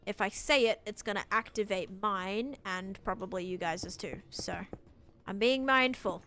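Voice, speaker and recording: A woman's voice: a little slow, bright, forceful tone, soft background music. A young woman chatting casually on a live game stream, reading chat aloud and talking as she builds. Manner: chatty, reads chat aloud, mimics a voice assistant in a higher voice. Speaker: livestream gamer.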